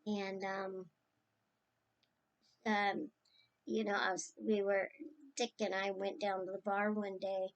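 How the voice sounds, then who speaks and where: A woman's voice: mid-range voice, completely flat delivery, slow pace, long pauses. A woman speaking casually and tenderly as she remembers her late uncle, rambling from one story to the next. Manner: rambling and tender, drifting between stories. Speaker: niece sharing memories of her late uncle.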